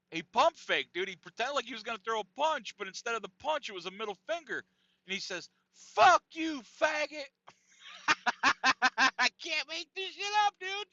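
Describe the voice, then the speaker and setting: Animated, profane man telling a story. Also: high-pitched, no echo. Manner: animated, profane, laughing often. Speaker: podcast host. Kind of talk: casual storytelling. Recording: dull lo-fi dry sound.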